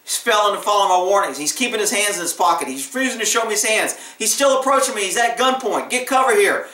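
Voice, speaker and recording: In an echoey room and well off-mic, a male police officer talks quickly in a high, pushed, bright voice. His casual vlog monologue offers blunt, emphatic advice, and he often imitates callers and dispatchers.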